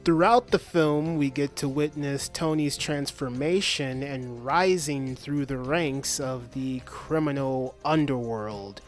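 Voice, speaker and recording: A man's voice: medium pitch, slow pace, hardly any pauses. Man, film reviewer, upbeat and plain, light music bed. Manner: enthusiastic, plain-spoken. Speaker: movie reviewer. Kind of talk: video review narration.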